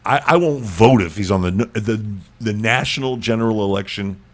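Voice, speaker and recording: A man's voice: fairly low pitch, normal speed. A male podcast host chatting casually, joking and teasing, often repeating words.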